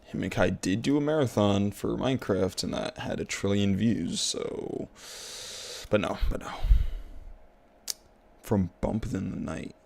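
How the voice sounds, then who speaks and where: A young male streamer with a lowish, gravelly voice, chatting to himself as he plays. He talks in loose slang, circles back over the same words again and again, and sounds worn out by the game. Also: unhurried, pauses often, a little mellow. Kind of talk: casual gaming commentary.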